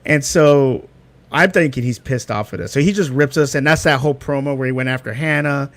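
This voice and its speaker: A man in a casual video call chat, telling a story with lively acted-out quotes. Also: medium pitch, fairly quick. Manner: animated storyteller, acts out quotes.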